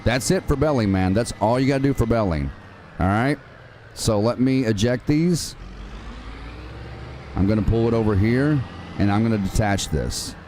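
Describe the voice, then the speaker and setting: A man's voice: on the low side, moderate pace, long pauses, darkish tone, a little hiss or hum. Chatty man streaming a game. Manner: casual, chatty, calls viewers man and dude. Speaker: gaming livestream host. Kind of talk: live game tutorial with chat.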